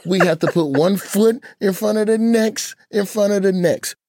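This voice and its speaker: A man putting on the voice of his stern older father, with a slow, sermon-like cadence. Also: sits high, a little mellow, no room sound, studio quality, pitched above the performer's own voice. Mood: preachy.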